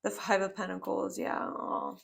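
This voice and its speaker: A woman's voice: medium pitch, completely flat delivery, normal speed, vocal fry, a little hiss or hum. A woman in her twenties doing a casual tarot reading, talking in a rambling, heartfelt way full of filler words. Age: 20s. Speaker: tarot reader.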